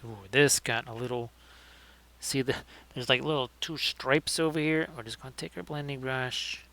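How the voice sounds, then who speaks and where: A man's voice: medium pitch, fairly even intonation, normal speed, vocal fry, sharp tone. A man hosting a livestream, chatting casually and joking as he talks through painting his miniatures. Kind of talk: casual live commentary.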